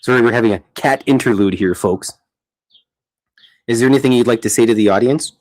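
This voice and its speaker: Chatting as he draws, a man hosts a casual livestream from his home art studio, rambling and breaking off mid-sentence. His voice is medium in pitch, darkish in tone, and fairly quick. He comes across as a chatty, self-interrupting streamer host.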